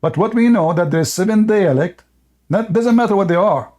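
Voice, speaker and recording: A high-voiced man hosts a heated online debate. He is mocking and combative and talks right over his opponent. He keeps pressing his point. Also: lively intonation, moderate pace, a little mellow. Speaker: debate host. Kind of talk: heated live-stream debate.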